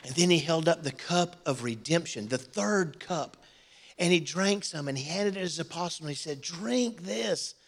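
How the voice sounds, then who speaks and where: A middle-aged male pastor preaching a sermon in a church, swinging between loud outbursts and quiet, emotional asides. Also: a little high, moderate pace.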